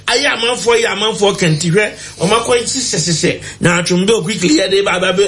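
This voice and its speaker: A man's voice: sits high, brisk, fairly bright tone. A man with a Ghanaian accent arguing emphatically as a political commentator on a talk show. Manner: emphatic, argumentative, mixing languages.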